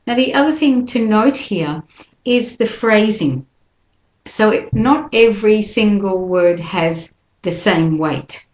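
A woman teaching an English pronunciation lesson, slowly modelling words and sentences for listeners to repeat. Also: mid-range voice, expressive, darkish tone. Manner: slow, careful modelling of words for repetition. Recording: echoey room.

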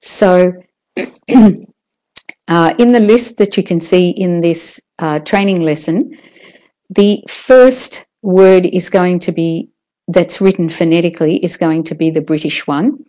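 A woman teaching English word stress in a recorded lesson, patiently modelling each word slowly. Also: fairly low pitch, warm tone. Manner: slow, patient, drawn-out model words. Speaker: pronunciation teacher.

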